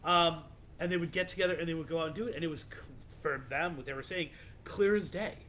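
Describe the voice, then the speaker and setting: Brief: male podcast host, slightly high voice, loose storyteller, faint rumble behind. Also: fast talker, fairly bright tone. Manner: rambling, loose, many restarts and "like". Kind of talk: casual storytelling of legends.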